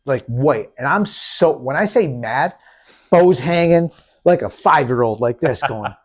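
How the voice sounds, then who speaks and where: A man hosting a podcast, telling a hunting story in a lively, casual way, acting out what people said and often restarting his sentences. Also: medium pitch, unhurried, husky. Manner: animated, acts out quotes, repeats and restarts. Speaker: podcast host.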